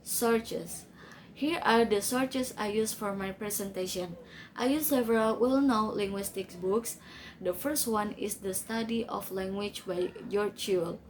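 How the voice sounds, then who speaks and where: A woman's voice: medium pitch, measured pace, slight background noise, low-quality recording. A young woman student giving a class presentation, reading carefully from her notes.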